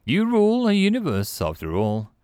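A man voicing a polite, cryptic, many-eyed tentacled alien noodle vendor in a storybook reading, with a deep, wet, formal way of speaking. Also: huge pitch swings, moderate pace, dark tone, clean tone, no echo, clean studio sound. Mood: courteous, cryptic. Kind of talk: audiobook character voice.

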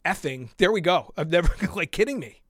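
A man with a high, bright-pitched voice rants on his podcast, worked up and exasperated, dropping into sighs and muttered asides between outbursts. The sound is close and dry. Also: lively intonation, a little fast, no room sound. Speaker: podcast host. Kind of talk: heated solo podcast rant.

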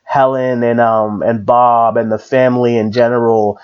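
A man's voice: medium pitch, little pitch movement, normal speed, smooth. A man hosts a casual podcast in an easy, rambling way. He restarts often and leans on fillers. His mid-range voice comes through on a slightly dull, lo-fi recording. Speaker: podcast host. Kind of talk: casual chat.

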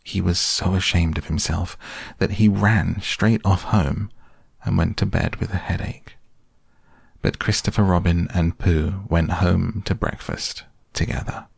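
A man reading a children's storybook aloud in a gentle, unhurried way. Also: low-pitched, steady tone, vocal fry, slightly rough, no echo, studio quality.

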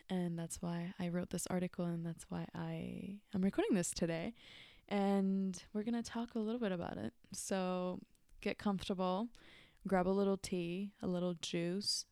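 Low, smooth-voiced woman hosting a podcast. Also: fairly even intonation, unhurried, warm tone, no room sound, clean studio sound. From Mexico. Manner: rambling, many fillers and restarts. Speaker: podcast host. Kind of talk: casual reflective monologue.

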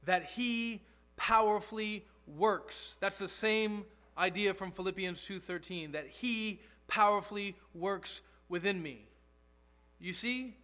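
A man's voice: sits high, takes it slowly, bright, forceful tone. A man pastor preaching a sermon, earnest and emphatic, repeating key phrases for stress.

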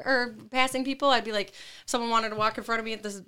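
A woman in her late twenties, a guest in a casual chat, talking in an animated way, acting out quotes with lots of "like". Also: a little high, quick pace, clear, resonant tone. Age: 20s.

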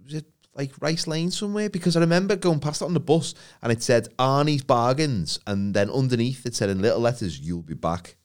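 A man banters on a podcast. His pitch rises and falls a lot as he makes jokes, swears freely and laughs often. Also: animated, fairly quick, few pauses. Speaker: podcast co-host. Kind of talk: casual chat.

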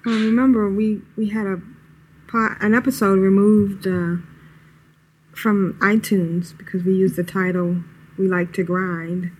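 A woman's voice: mid-range voice, steady tone, measured pace, slight background noise, rough recording. A woman hosting a gaming podcast, reading listener mail and tripping over names. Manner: upbeat, stumbling over names. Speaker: podcast host reading email. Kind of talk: casual chat.

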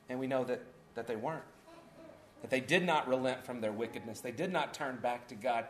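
A man's voice: mid-range voice, a little fast, echoey room. A man preaching a conversational sermon, voicing the prophets' words with rising energy.

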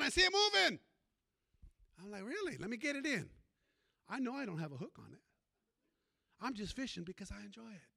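A man's voice: very high voice, sharp tone. A man who is a pastor, preaching a sermon in a folksy storytelling way and calling out to the congregation.

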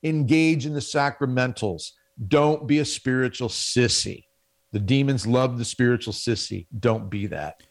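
A man on a radio show telling a self-mocking personal story in an animated way. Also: mid-range voice, measured pace, creaky. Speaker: guest speaker on spiritual life.

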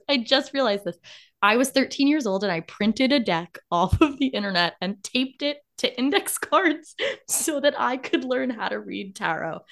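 Effusive, emotional woman podcast host. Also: fairly high pitch. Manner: effusive, emotional, laughs often. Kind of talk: casual chat. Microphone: remote call.

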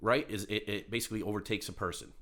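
Fast-talking low-voiced podcast man. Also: fairly even intonation, fairly bright tone. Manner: matter-of-fact, steers the talk with questions. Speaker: podcast co-host. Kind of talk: casual chat.

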